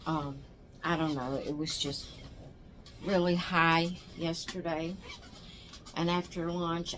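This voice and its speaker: A woman's voice: sits low, little pitch movement, slow, pauses often, fairly bright tone. An older woman who hosts a doll channel, chatting casually to camera in a rambling, tired way, yawning as she talks. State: exhausted.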